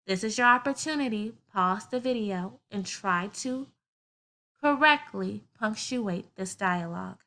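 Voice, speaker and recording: A woman's voice: mid-range voice, fairly bright tone. A woman teaching a grammar lesson to children, explaining patiently step by step with everyday examples.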